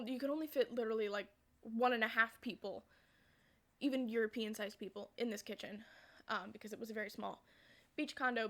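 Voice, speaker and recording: Chatty woman, slightly high voice. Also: a bit bright. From United States. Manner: chatty, wandering into side tracks; laughs through her story. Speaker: vlogger. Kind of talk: storytelling vlog.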